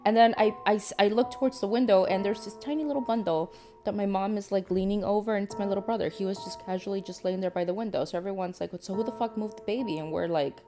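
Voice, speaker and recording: A young woman from Panama telling a spooky story casually, cursing freely and swinging from hushed to shouting. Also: mid-range voice, quick pace, music in the background. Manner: profane, animated, swinging between hushed and shouted.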